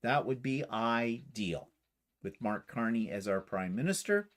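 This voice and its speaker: A man's voice: mid-range voice, lively intonation, unhurried, a bit bright. A Canadian man co-hosting a quilting channel livestream, talking casually and rambling, with lots of fillers and self-deprecating asides. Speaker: YouTube quilting channel co-host.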